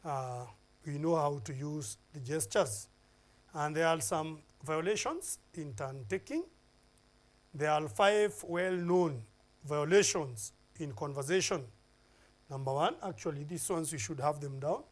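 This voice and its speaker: A man's voice: a little high, a little slow. A man with a Kenyan accent teaching a televised English lesson, listing points one by one with fillers and emphasis.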